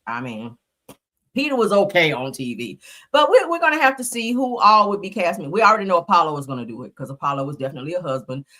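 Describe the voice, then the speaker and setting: A woman chats through live-stream gossip commentary in a dramatic, profane way. Her voice sits on the low side yet swoops up and down with a great deal of animation. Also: very animated, fast, pushed and bright.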